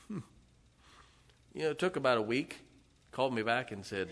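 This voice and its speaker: A middle-aged male pastor delivering a sermon in a church, his voice bright and forceful. He talks to the congregation in a loose, conversational way, dropping asides and chuckling between points. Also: medium pitch, animated, moderate pace, long pauses. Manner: conversational preaching with laughs and asides.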